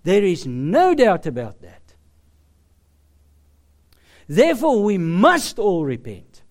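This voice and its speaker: A man preaching a sermon, slow and emphatic, with dramatic pauses. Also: sits high, wildly swooping pitch, a little mellow.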